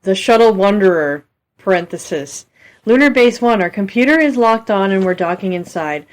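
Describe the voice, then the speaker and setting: A woman reading a bad book aloud for laughs in a flat voice, with bored, dismissive asides. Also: medium pitch, moderate pace.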